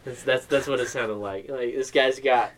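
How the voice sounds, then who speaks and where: A man's voice: mid-range voice, steady tone, moderate pace, a little hiss or hum. A man on a podcast, casually recapping a bad movie, rambling and retelling scenes. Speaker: podcast co-host. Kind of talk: casual movie review chat.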